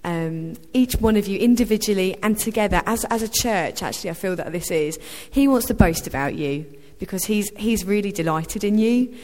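A woman speaking to a church congregation, sharing what she feels in an informal, hesitant way with many ums. Her voice sits at an average pitch. A long hall reverb surrounds her voice. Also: expressive, moderate pace, hardly any pauses, a little mellow. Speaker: church member sharing a prophetic word. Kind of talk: informal testimony.

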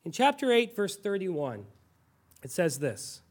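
A male pastor preaching a sermon with animated storytelling, now and then dropping suddenly to a quiet voice. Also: sits high, measured pace.

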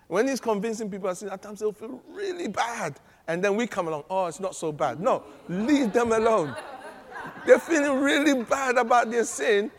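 A man preaching a sermon, animated and humorous, often laughing as he teaches. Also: very high voice, normal speed. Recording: long reverb of a large hall.

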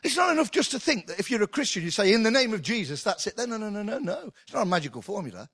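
Middle-aged male pastor, animated conversational sermon, slightly high voice. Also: racing, slightly rough, no room sound. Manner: animated, conversational preaching with humour.

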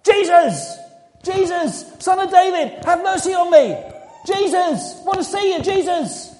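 A man voicing a desperate blind male beggar who shouts and pleads at the roadside. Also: very high-pitched, expressive, unhurried, pitched above the performer's own voice. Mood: desperate shouting. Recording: echoey hall with long reverb.

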